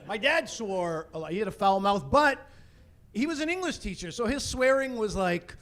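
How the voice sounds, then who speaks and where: A middle-aged man from Canada performs stand-up comedy in a fairly high voice. He tells his stories with animated energy, breaking into loud, exasperated outbursts and putting on the voices of the people in them. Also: moderate pace.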